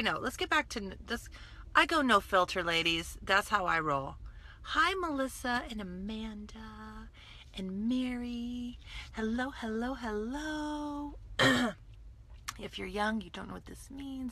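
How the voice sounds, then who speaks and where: A woman in her fifties from California, chatting casually on a livestream, playful and animated, greeting viewers by name. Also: mid-range voice. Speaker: livestream host selling skincare. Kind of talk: casual Facebook Live chat.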